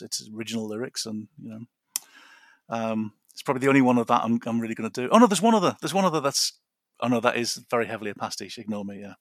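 A man's voice: mid-range voice, no echo, studio quality. A man chatting as a podcast guest from his garden, rambling and laughing often. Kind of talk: casual chat.

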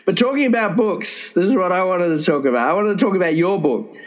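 A man's voice: high voice, lively intonation, fast talker, rough recording. A man, co-hosting a casual comedy chat, teasing his partner with stammered restarts. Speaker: podcast co-host, publisher.

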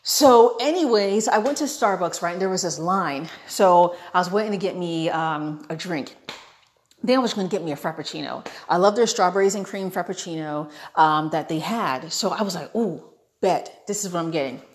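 A young American woman vlogger retelling a travel story in a casual, animated way, acting out what people said. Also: fairly low pitch, brisk, slight background noise. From United States. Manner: animated, dramatic retelling with quoted asides.

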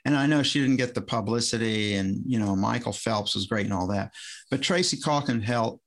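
A former swim coach chats on a podcast in a casual, rambling way, often interrupting himself and restarting sentences. His voice is on the low side, and he speaks at a moderate pace.

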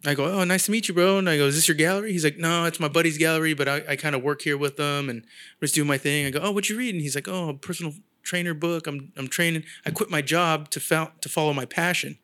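Dude telling a story, kinda high voice, does little voices for people, swears a lot. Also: male voice, fast, clean tone. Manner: animated, acts out quoted people, swears casually. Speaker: guest artist. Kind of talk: casual storytelling chat.

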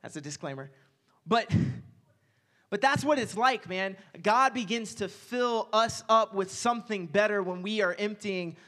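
A young man giving a casual, energetic sermon as a youth pastor, joking aside and repeating phrases. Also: sits high.

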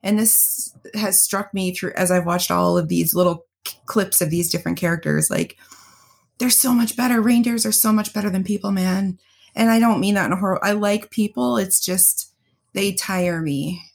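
A woman's voice: medium pitch, normal speed. A woman co-hosting a podcast, telling blunt, profane stories in casual chat and often laughing. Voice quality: gravelly, husky. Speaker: podcast co-host.

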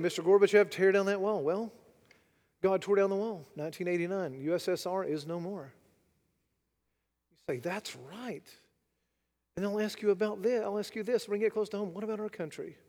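High-voiced preacher in a big hall. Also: male voice. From United States. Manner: dramatic, rhetorical, swings between loud and hushed. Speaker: pastor. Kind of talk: sermon.

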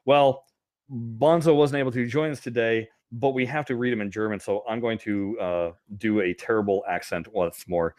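A man's voice: on the low side, fairly even intonation, moderate pace, darkish tone. A man hosting a podcast in casual, self-mocking chat, laughing often at himself. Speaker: podcast host.

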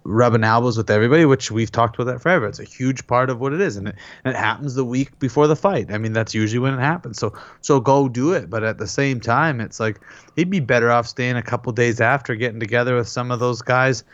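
A man co-hosting a podcast, casually telling an animated story and quoting others as he goes. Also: medium pitch, quick pace, no echo. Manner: animated retelling, quotes others in their voices. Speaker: podcast co-host. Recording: dull, dry lo-fi sound.

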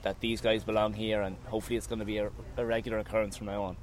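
A man's voice: lowish voice, flat delivery, racing. A man who has just won a golf event, talking emotionally about his round and his family. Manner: emotional, thankful, talks of nerves. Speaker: winning golfer interviewed after a round. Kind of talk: emotional post-round interview. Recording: faint outdoor noise.

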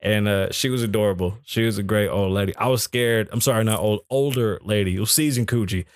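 A man's voice: fairly low pitch, a little fast, no echo. A man hosting a live podcast in a small studio, chatting casually into a microphone, joking, swearing and rambling from topic to topic. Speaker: podcast host. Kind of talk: casual live show chat.

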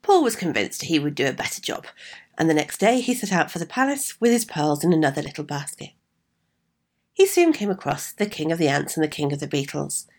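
A woman's voice: low-pitched, big pitch swings, a little fast, a little mellow. A woman telling a fairy tale aloud with chatty asides to her listeners. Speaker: storyteller.

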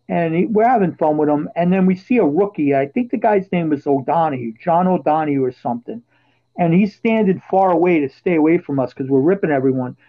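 A man hosting a podcast, telling casual stories and getting loud and animated when he quotes his own yelling. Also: high-pitched. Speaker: podcast host. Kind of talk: casual storytelling chat. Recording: dull lo-fi podcast audio.

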